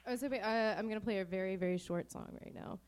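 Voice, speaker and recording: A woman's voice: medium pitch, quick pace, a little mellow, a little hiss or hum. A woman musician on a comedy show's stage, talking in a hesitant, shy way before she plays. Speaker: musician guest. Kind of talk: casual stage banter. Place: small live comedy venue.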